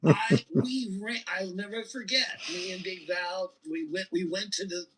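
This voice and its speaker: A man in his fifties, a guest telling an animated and emotional story in a casual interview. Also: sits high, moderate pace, slight background noise, poor audio. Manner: animated, emotional storyteller who repeats and restarts.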